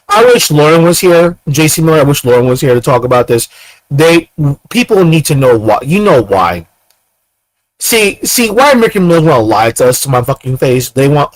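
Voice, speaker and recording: A man with a somewhat high voice launches into an angry, profane monologue. He talks fast and repeats himself. The sound is dry and close to the mic. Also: dry recording, low-quality recording. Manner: angry, profane, rapid rant. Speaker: host. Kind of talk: ranting monologue.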